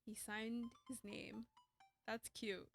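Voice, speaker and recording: A woman's voice: a little high, level tone, takes it slowly, creaky, faint music behind. A woman streamer reading a dating game aloud with playful, wry asides.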